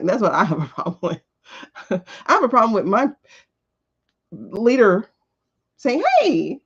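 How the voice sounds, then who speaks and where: This tarot livestream host has a husky, medium-pitched voice. She offers casual, blunt opinions, tossing out repeated rhetorical questions full of profanity, and the stream audio is dull and lo-fi.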